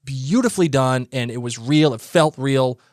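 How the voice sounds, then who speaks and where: A man co-hosts a podcast, eagerly and teasingly chatting through a casual recap of a TV episode and often restarting his sentences. His voice is medium-pitched at normal speed, in a dry, studio-quality recording.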